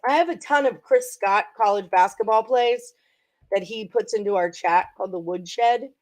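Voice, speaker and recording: A woman's voice: medium pitch, moderate pace. A woman hosting a casual sports betting livestream, chatting in a rambling way with frequent ums and laughs. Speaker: sports betting show host.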